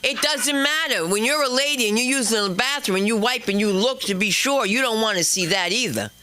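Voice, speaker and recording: A woman doing a stand-up comedy set and hosting the night, chatty and brash, jumping into loud high bits. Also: brisk. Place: comedy club stage.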